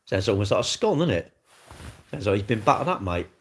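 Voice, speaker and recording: A man's voice: on the low side, very animated, brisk, slightly rough. An older man, hosting a casual livestream and chatting bluntly and jokily as he answers viewers' comments. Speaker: livestream host. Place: indoors, seated.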